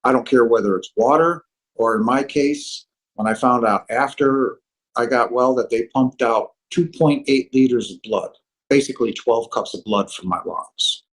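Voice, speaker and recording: A man telling his near-death story as earnest, halting personal testimony. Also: medium pitch, low-quality recording.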